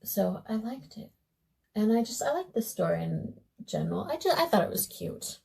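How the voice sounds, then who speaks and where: A woman's voice: medium pitch, big pitch swings, normal speed, vocal fry, a little mellow, poor audio. A young woman vlogger telling a fairy tale in a casual, meandering way while doing her makeup. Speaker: beauty vlogger.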